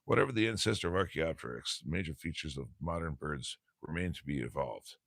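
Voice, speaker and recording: A man's voice: extremely low pitch, lively intonation, a little fast, gravelly, a bit bright, no room sound, clean studio sound. A man teaching a casual lesson, reading a textbook aloud in a laid-back, slangy way, often stumbling over words, recorded on a phone.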